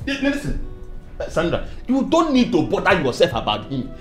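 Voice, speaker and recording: A man playing a loud excitable Nigerian friend. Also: sits high, normal speed, faint music behind, heavily acted. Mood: preachy. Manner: loud, animated, repeats words when worked up. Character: excitable male friend, preachy and emotional. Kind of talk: Nollywood film acting.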